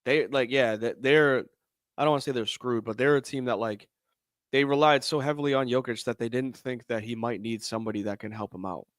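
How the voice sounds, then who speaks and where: Animated male co-host, rambling casual talk, dry sound. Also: mid-range voice, fairly quick, no echo. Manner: animated, rambling, filler-heavy. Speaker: podcast co-host. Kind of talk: casual sports chat.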